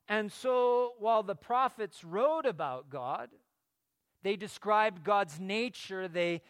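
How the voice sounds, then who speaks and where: A man's voice: high-pitched, fairly bright tone, dry recording. A man preaching a sermon, earnest and teaching, often repeating words as he starts a phrase. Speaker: pastor.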